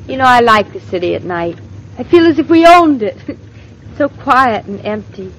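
Claudia, a playful young wife. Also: female voice, fairly high pitch, lively intonation, moderate pace. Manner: bright, teasing and eager. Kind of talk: 1940s radio acting. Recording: muffled old radio transcription.

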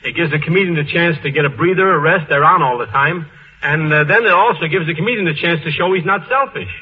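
Deadpan man on dull old radio. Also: fairly high pitch, quick pace. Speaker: comedy writer panelist. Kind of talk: joking panel discussion. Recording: dull old radio broadcast, faint hiss.

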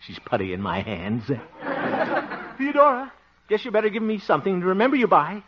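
A chuckling, vain small-town crooner. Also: male voice, high voice, sing-song, normal speed. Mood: sly flirting. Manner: chuckling, self-pleased, playfully sly. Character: vain, scheming small-town male radio singer. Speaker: lead in a radio comedy. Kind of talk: 1940s radio acting. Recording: muffled old radio broadcast with loud hiss.

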